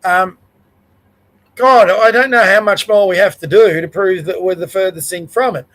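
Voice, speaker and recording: An Australian man with a notably high-pitched voice hosts his own show. He talks in a plainspoken, conversational way, whether reading scripture aloud or ranting about the day's news. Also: moderate pace, fairly bright tone, poor audio. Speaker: podcast host. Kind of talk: Bible reading and casual news rant.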